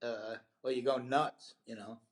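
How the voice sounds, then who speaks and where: A man's voice: mid-range voice, fairly even intonation, measured pace. A middle-aged male comedian on a radio show, telling a rambling road story full of fillers and laughs. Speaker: comedian guest. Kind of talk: casual storytelling interview. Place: radio studio.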